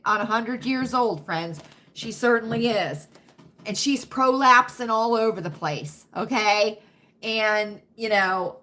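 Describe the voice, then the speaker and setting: Woman, 50s, livestream host, bright high voice, chatty and emphatic with her chat. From United States. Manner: chatty, talks straight to chat, drawn-out emphatic asides. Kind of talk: casual livestream chat with viewers.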